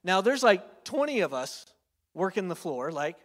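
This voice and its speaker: A man's voice: high voice, sing-song, normal speed. A man in his thirties preaching a sermon in a chatty storytelling way, full of fillers and "right?" tag questions. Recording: long hall reverb.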